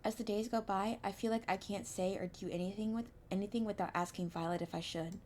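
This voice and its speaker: A young woman streamer reading a visual novel aloud, with expressive, anxious narration and small stumbles. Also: mid-range voice, fast talker, slight background noise.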